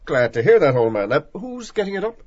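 An actor playing a chatty middle-aged man who talks fast and a bit pushily. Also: on the high side, very animated, darkish tone. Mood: eager chat. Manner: quick, eager, slightly pushy small talk. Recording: dull lo-fi radio drama recording.

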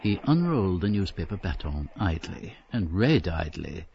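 A man narrating a scripted drama in a calm, measured way. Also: low voice, gravelly, slightly rough, no echo. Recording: dull lo-fi radio drama recording.

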